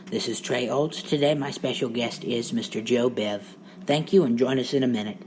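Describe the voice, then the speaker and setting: A man's voice: mid-range voice, normal speed, a little mellow, a little hiss or hum. A man hosting a radio show, greeting listeners formally and putting polite questions to his guest. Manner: formal, polite, brief prompts. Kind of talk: scripted show opening and interview questions.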